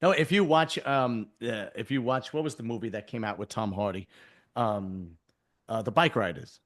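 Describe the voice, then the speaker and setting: A man's voice: on the low side, moderate pace. A man hosting a casual interview, talking in a conversational, opinionated way. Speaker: host.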